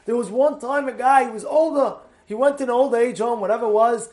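A man teaching a Torah class, telling stories in an animated way and acting out the people in them. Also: extremely high pitch, a little fast. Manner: animated storytelling, acts out quoted voices.

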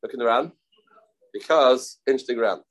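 A man teaching a Talmud lesson, halting and repeating phrases, mixing English with Hebrew and Aramaic terms. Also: medium pitch, fairly bright tone, low-quality recording. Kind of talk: Talmud study class.

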